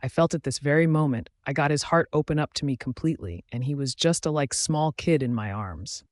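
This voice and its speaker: A man reading a romance audiobook in the first person, soft and even. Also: on the high side, a little fast, no room sound, studio quality. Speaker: audiobook narrator. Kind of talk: scripted narration.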